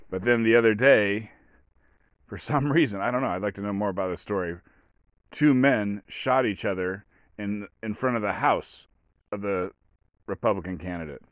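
Man, low-pitched, rambling sarcastic monologue, dry close-miked sound. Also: dry recording. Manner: rambling, sarcastic, with many restarts and fillers. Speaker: podcast host. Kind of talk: casual solo commentary.

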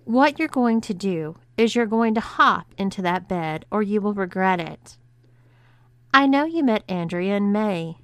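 Commanding, taunting wife , read by the woman narrator; unhurried, crisp. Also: medium pitch, animated, fairly bright tone, dry recording.

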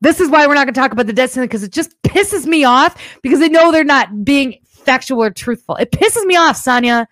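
A woman's voice: high voice, animated, brisk, hardly any pauses, a bit bright, dry recording. A woman hosting a casual livestream show, chatting bluntly with viewers, swearing freely, and rambling through asides from her home setup. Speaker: podcast host.

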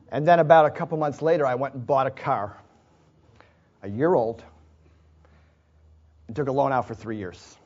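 A man pastor telling a personal story in a sermon, chatty, with frequent chuckles and asides. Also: mid-range voice. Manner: chuckles often, conversational asides. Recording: dull lo-fi recording.

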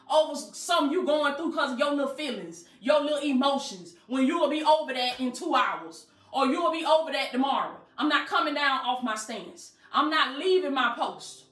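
A woman preaches with a high voice, emphatic and colloquial. She keeps calling out to her listeners. The room is echoey, with faint music underneath. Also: bright, forceful tone. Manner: emphatic, call-and-response phrasing, colloquial. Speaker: life coach. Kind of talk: motivational preaching.

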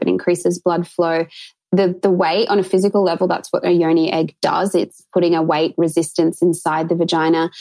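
A woman's voice: fairly low pitch, warm tone, low-quality recording. A woman intimacy coach, a guest on a podcast, talking earnestly and at length in a casual, flowing way with many fillers. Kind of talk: casual interview talk.

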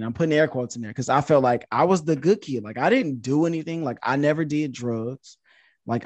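Animated man telling a story on a podcast. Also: no echo. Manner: animated, jumps high in pitch when quoting himself. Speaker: podcast guest, social media influencer. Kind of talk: casual storytelling.

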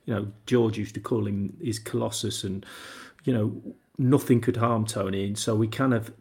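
A man with a gravelly, creaky voice talks casually in an interview. He tells stories as a former footballer, looping back, restarting and acting out what people said. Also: fairly low pitch, steady tone, normal speed, a little mellow. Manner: rambling, with many restarts and acted-out quotes. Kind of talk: casual anecdotal interview talk.

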